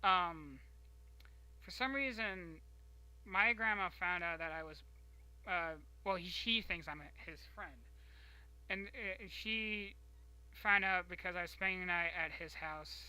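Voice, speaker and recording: Stream host, young man, bright and forward voice, halting and rambling delivery. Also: high voice, low-quality recording. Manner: rambling, halting storytelling with many restarts. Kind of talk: casual chat.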